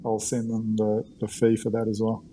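A man's voice: on the low side, completely flat delivery, moderate pace, mellow, slight background noise, rough recording. A man from New Zealand with a mixed New Zealand and Australian accent, speaking hesitantly and modestly as a guest on a casual chat show. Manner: hesitant, modest, many fillers.

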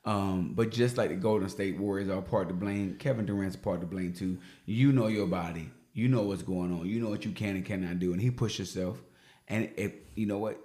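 A man co-hosting a casual sports talk show, animated and emphatic, with slangy phrasing. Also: low voice, fairly quick. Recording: roomy echo.

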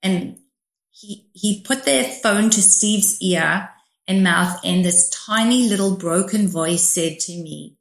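A woman's voice: mid-range voice, slow pace. A middle-aged woman, an author, telling a personal story as an interview guest in a vivid, emphatic way. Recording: roomy echo.

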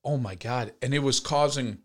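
A man co-hosting a podcast, telling everyday stories in relaxed casual chat, often dropping soft and low. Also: normal speed. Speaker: podcast co-host.

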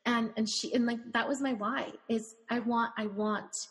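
A woman's voice: fairly high pitch, steady tone, normal speed, a bit bright. A woman who owns a bridal shop, telling emotional stories with quoted dialogue in a conversational interview. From Latina. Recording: long room reverb.

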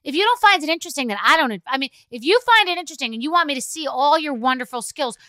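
A woman's voice: high voice, expressive, fast talker, bright, forceful tone, dry recording. A middle-aged woman hosting a podcast, telling a rambling, profane, exasperated story full of "like"s. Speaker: podcast host. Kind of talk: solo comedic rant.

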